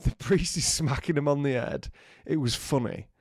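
A man co-hosting a podcast, telling a lively anecdote, acting out quotes and laughing often. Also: medium pitch, normal speed, no room sound, studio quality. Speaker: podcast co-host. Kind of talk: casual storytelling chat.

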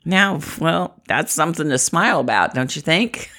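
A middle-aged woman from the Midwest speaks with a low, lively voice that rises and falls a lot. She talks to the viewer in a chatty, encouraging way, often laughing. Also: unhurried, husky. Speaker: inspirational vlogger. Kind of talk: upbeat motivational talk to camera.

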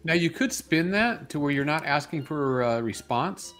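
A man co-hosting a casual morning show, teasing his partner in a relaxed way and offering advice. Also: fairly high pitch, moderate pace, faint music behind. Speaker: co-host.

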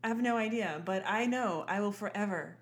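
Animated woman in her thirties chatting. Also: mid-range voice, fairly quick. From Southern US. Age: 30s. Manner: animated, laughs a lot. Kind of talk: casual chat.

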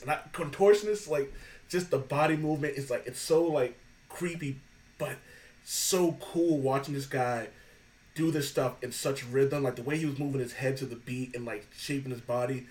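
A man's voice: mid-range voice, a little mellow, far from the mic, rough recording. A man hosting a podcast, telling stories in casual chat, swearing freely and laughing often. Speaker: podcast host.

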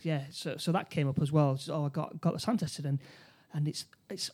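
A man's voice: fairly high pitch, fairly even intonation, darkish tone, slightly rough. A man in casual conversation, recapping a film plot with frequent restarts and short acted-out quotes. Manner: halting, many restarts, acts out quotes. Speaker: podcast co-host.

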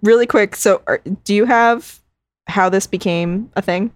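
A woman's voice: mid-range voice, a little slow, dry recording. A woman co-hosting a podcast, telling a story in a chatty way, swearing freely and laughing often. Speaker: podcast co-host. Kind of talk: casual podcast chat.

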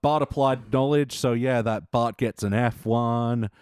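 A man's voice: mid-range voice, unhurried, smooth, no echo, studio quality. A man hosting a casual podcast chat, asking the panel questions and leading the talk. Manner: animated, leads the questions. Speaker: podcast host.

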